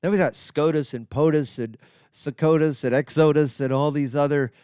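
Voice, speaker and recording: A man's voice: a little high, moderate pace, a little mellow, clear, resonant tone, no echo, clean studio sound. A man hosting his own podcast, talking in a casual, rambling monologue with wry, self-deprecating asides. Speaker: podcast host.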